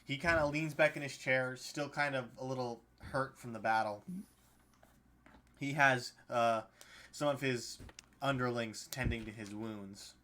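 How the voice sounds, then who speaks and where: A man's voice: medium pitch, measured pace, bright, forceful tone. A man narrating as game master, casual and loose, with lots of fillers and restarts as he recaps and sets scenes. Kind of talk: narrating a tabletop game over a call.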